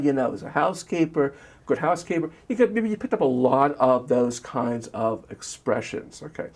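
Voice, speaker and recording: Older man with a gravelly, husky voice. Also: medium pitch, lively intonation, normal speed. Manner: reflective, anecdotal, trails off softly at phrase ends. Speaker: interviewee, former history teacher. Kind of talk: oral history interview recollection.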